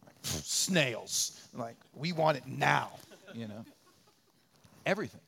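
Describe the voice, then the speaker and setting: Guy preaching a sermon, emphatic, repeats lines, gets loud then goes quiet, chatty and joking in between. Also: mid-range voice, animated, a little slow, creaky. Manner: emphatic, repeats phrases for rhythm, shifts from loud peaks to quiet asides; conversational and joking, acts out little quoted voices. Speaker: pastor.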